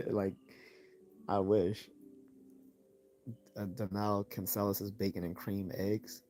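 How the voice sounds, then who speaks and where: A man with a lowish voice hosts a casual live-stream Q&A, reading chat messages aloud and answering them in a relaxed way while he loses his voice. He takes it slowly with long pauses, laughs often and repeats words as he starts, and there's slight background noise.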